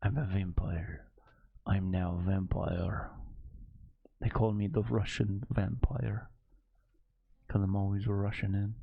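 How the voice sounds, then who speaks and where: A man's voice: lowish voice, fairly even intonation, takes it slowly, long pauses, no room sound, phone-quality sound, pitched below the performer's own voice, full character voice. A man doing a whispery smug world leader. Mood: brooding. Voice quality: breathy whisper. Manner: languid, self-satisfied. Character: hushed smug male world leader, middle-aged.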